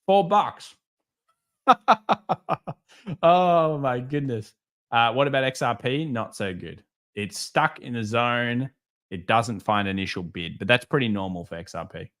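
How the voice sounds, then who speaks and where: A man hosting a live market stream, reading viewer comments and answering them with sarcastic jokes and animated stories. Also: medium pitch, moderate pace. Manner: sarcastic, joking, animated storytelling.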